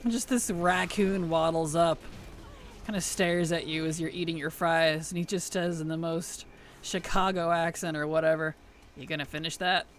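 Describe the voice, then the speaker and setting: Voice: mid-range voice, steady tone, moderate pace, slight background noise. A streamer chatting casually while playing, laughing often and answering questions from chat.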